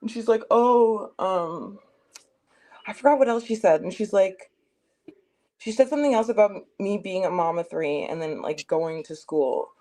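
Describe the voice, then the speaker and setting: A woman's voice: mid-range voice, moderate pace, mellow. A young adult woman hosting a stream, retelling a chat argument in a casual, heated way with lots of swearing and emphasis. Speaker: streamer host.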